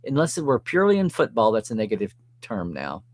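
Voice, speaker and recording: Animated man reading live chat. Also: on the low side, fast talker. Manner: animated, chatty, reads viewer comments aloud and reacts.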